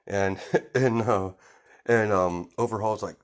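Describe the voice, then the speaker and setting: A man's voice: on the low side, a little slow. A man casually improvising a fan story, rambling with lots of fillers and frequent chuckles.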